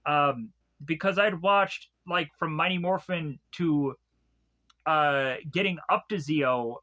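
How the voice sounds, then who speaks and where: A man's voice: fairly high pitch, takes it slowly, pushed and bright. A man giving a rambling, casual episode recap, laughing often and swearing freely. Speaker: episode reviewer.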